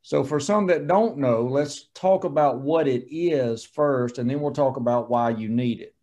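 Folksy surgeon giving a talk. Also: male voice, mid-range voice, unhurried, dark tone. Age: 40s. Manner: folksy, joking, plain-spoken. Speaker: colorectal surgeon. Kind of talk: lunch-and-learn talk.

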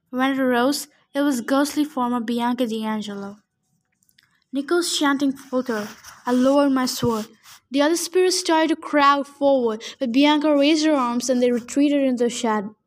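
A woman reading a first-person novel aloud, steady with small slips. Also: high-pitched. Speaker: audiobook reader.

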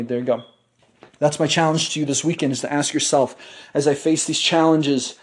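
A man's voice: on the high side, dark tone. A man hosting a podcast, giving a blunt motivational monologue full of swearing, fillers and restarts. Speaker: podcast host.

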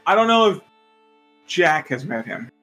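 Bright-voiced young man chatting as a player. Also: a little high, big pitch swings, unhurried, slightly rough, soft background music. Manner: chatty, joking. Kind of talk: casual tabletop game chat.

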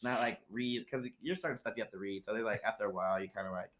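A man's voice: on the low side, fast, fairly bright tone, a little hiss or hum. A man from Ohio, a former flight attendant, telling stories in casual chat with lots of fillers. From Ohio, USA. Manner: rambling storyteller, many fillers.

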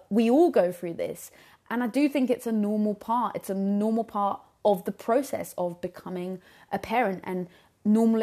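A woman's voice: medium pitch, dark tone. A young adult woman talking earnestly on her own podcast about parenthood, reflective and full of "you know"s, into a microphone. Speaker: podcast host. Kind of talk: solo podcast talk.

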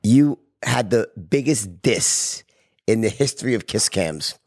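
A man hosting a casual interview, and his pitch moves a lot as he talks. He teases his guest and cuts in with questions. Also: expressive, measured pace, a little mellow. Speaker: podcast host.

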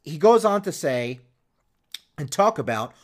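A man's voice: fairly high pitch, sing-song, a little slow. A man hosting a sports podcast, talking casually and rambling with many restarts and fillers. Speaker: podcast host.

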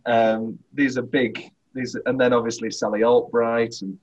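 A man's voice: medium pitch, level tone, unhurried. A man co-hosting a casual film podcast, rambling and interrupting himself, often laughing mid-sentence. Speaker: podcast co-host. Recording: dull lo-fi podcast audio.

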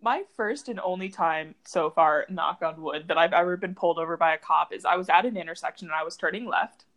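A young woman from the United States co-hosting a podcast in casual chat, telling stories with a lively, animated delivery. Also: fairly quick. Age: young adult. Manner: animated storyteller, lively swings in pitch. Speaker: podcast co-host.

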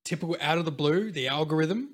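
A young man with a fairly high-pitched voice, chatting on a podcast. He rambles, swears freely and gets animated as he goes. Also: fast. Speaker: podcast co-host. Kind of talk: casual podcast chat.

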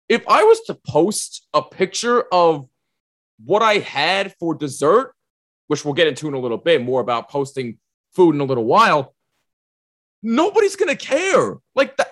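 Animated man podcast co-host. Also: fairly high pitch. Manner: emphatic, repeats himself, laughs often. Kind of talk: casual podcast chat.

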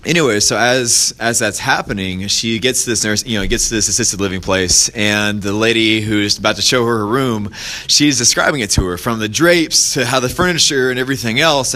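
A man hosting his own podcast, giving a casual motivational talk, rambling with restarts and fillers and lifting his voice to act out quoted people in stories. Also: pushed and bright. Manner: acts out quoted voices in a higher pitch when telling stories. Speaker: podcast host.

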